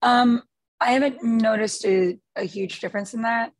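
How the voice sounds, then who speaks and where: A woman answering questions in a webinar as the guest expert, halting with many fillers and restarts. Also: fairly high pitch, fairly even intonation, no echo. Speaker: guest expert on prompt writing.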